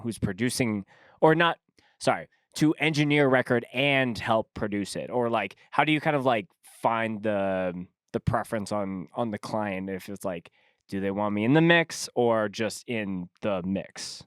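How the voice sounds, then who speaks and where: A man's voice: lowish voice, animated, measured pace, clean tone, no echo. A man hosting a podcast, asking long, winding interview questions. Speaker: podcast host.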